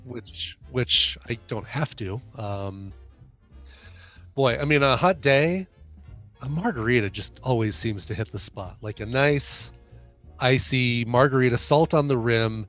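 A man's voice: mid-range voice, a little slow, a bit bright, faint music behind. A man co-hosting a podcast in casual chat, stuffy and congested, rambling with fillers. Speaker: podcast co-host.

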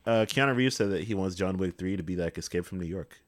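A man with a very low voice co-hosting a casual chat. He speaks in a dry, measured way and leads the news segments. The sound is close and dry. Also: no echo. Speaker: podcast co-host.

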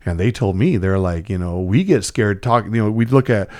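A man's voice: on the low side, a little fast. A man in casual chat, telling a story with acted-out quotes and plenty of swearing. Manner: animated storyteller, acts out quotes, curses freely.

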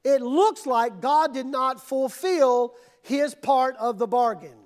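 A middle-aged male pastor with a strikingly high-pitched voice preaches a sermon, fully invested in it. He moves from quiet, measured reflection to impassioned outbursts, praying desperately out loud.

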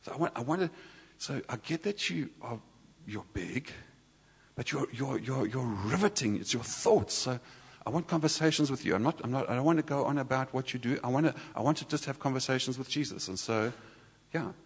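A man sharing a personal sermon testimony in a church, conversational and halting, with many restarts. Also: mid-range voice, lively intonation, breathy edge. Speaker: church speaker. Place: church hall. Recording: reverberant church hall.

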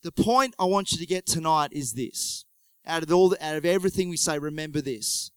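A man preaching a conversational sermon, retelling a story with lively joking asides. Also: on the high side, brisk, clear, resonant tone, dry recording, poor audio. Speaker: pastor.

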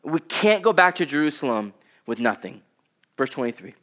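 A pastor in his thirties preaches to his congregation with a fairly high, voice. He talks casually, with ums and likes, and sinks low and quiet whenever he reads scripture aloud. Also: very animated, moderate pace. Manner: conversational preaching with fillers, dropping low for scripture quotes. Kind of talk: sermon.

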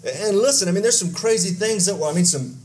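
A pastor from Texas, preaching a conversational sermon with asides, stories and questions to the congregation. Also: male voice, sits high, animated, fast talker, darkish tone, slight background noise.

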